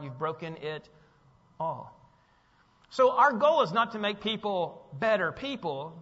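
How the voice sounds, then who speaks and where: A man's voice: high voice, sharp tone. A man preaching a sermon as pastor, emphatic, stressing key words. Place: church sanctuary. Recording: dull sound with long church reverb.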